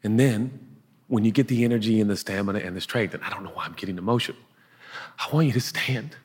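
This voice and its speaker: A pastor preaching a sermon in an earnest, conversational way, now and then dropping to a hush. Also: male voice, lowish voice, fast talker, breathy edge, long reverb tail. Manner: earnest, conversational preaching with sudden hushed asides. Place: large auditorium.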